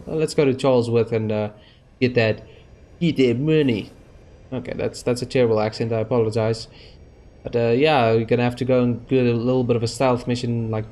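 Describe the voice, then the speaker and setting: A man's voice: medium pitch, darkish tone. A man giving rambling let's-play commentary over a space game, with many fillers and restarts. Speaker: gaming YouTuber.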